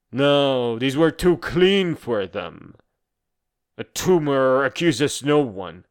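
A man voicing an embittered, proud, dying philosopher in a dramatic monologue, a letter read aloud with slow, measured, bitterly scornful declamation. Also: mid-range voice, smooth.

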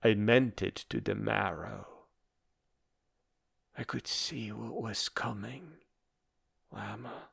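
Bitter proud philosopher near death, played by a man, slow deliberate scornful monologue, mid-pitched voice. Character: embittered dying male philosopher, proud and scornful. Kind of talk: dramatic monologue, a letter read aloud.

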